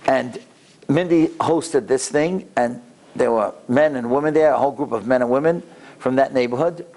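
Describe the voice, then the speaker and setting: A rabbi giving a lecture in a synagogue, telling a story in an animated way and acting out the quotes. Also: male voice, mid-range voice, normal speed. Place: synagogue sanctuary.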